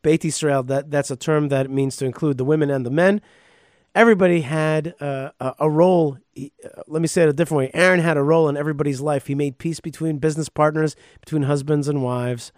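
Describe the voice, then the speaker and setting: A man, a rabbi, giving a casual Torah lesson in a somewhat high voice. He reads verses aloud and then riffs freely, with restarts and sudden emphatic outbursts. The sound is close and dry, with no room echo. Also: a little mellow. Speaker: rabbi and podcast host.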